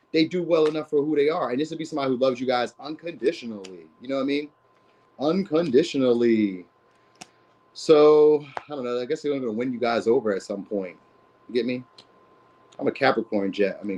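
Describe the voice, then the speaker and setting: A man runs through a tarot reading at a brisk clip, his voice sitting at an ordinary middle pitch. He rambles in loose, slangy talk and keeps checking in with "you know what I mean?". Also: highs cut off. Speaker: tarot reader. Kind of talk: casual tarot reading chat.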